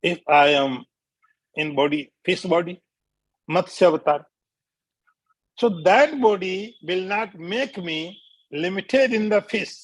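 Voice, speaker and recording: A man teaching scripture as a swami, speaking deliberately, repeating key phrases and chanting short verses. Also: high voice, lively intonation, husky, dry recording. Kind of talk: spiritual lecture.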